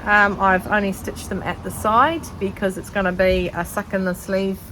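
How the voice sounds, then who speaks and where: A middle-aged woman with a New Zealand accent talks through her sewing outdoors on a shaded deck. She rambles cheerfully, pokes fun at herself and fills her pauses with ums. Her voice sits at an ordinary pitch, with faint noise in the background. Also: level tone. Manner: rambling and self-mocking, with many ums. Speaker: sewing vlogger. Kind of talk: casual chatty vlog.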